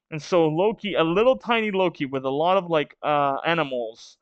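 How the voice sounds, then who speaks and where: A man's voice: on the high side, moderate pace, hardly any pauses, smooth, dry recording, dull audio. A man hosting a manga reaction video, reading the chapter aloud and thinking aloud about it.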